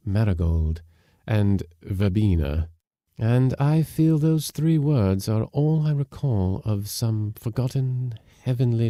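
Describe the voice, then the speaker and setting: A man voicing an earnest, self-assured gentleman. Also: on the low side, dry recording, studio quality.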